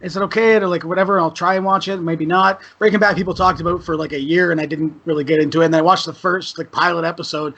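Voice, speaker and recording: A man's voice: on the high side, little pitch movement, quick pace, hardly any pauses, sharp tone, dull audio. A man, a podcast guest chatting casually, rambling and swearing freely after a few beers. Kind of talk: casual chat.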